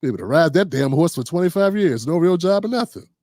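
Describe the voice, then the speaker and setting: A man's voice: on the high side, animated, fast, dark tone, dry recording, studio quality. A middle-aged man hosting a casual political commentary livestream, riffing loosely with slang and quoted voices. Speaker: host.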